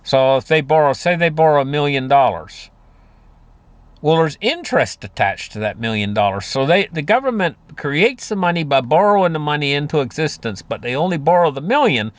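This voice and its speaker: A man's voice: fairly high pitch, expressive, fairly quick, no room sound. A man giving a rambling, folksy monologue about money and markets, full of fillers and restarts. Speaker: market commentator. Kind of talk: casual monologue on finance.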